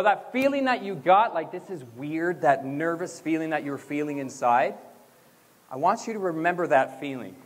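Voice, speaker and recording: Young male motivational speaker, high voice, school hall with long reverb, energetic and chanting. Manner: energetic, leads chants with the crowd. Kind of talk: graduation speech. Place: school gym or auditorium.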